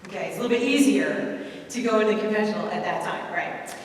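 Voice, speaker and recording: A woman giving a lively, self-mocking storytelling talk to an audience in a large hall. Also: medium pitch, quick pace, slight background noise. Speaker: speaker at a faith event. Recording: echoey hall, mic at a distance.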